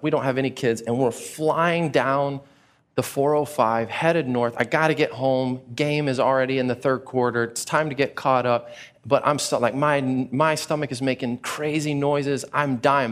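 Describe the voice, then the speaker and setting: A man preaching a sermon, telling a personal story with animated, acted-out reactions. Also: medium pitch. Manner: animated storyteller, acts out his own reactions. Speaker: pastor.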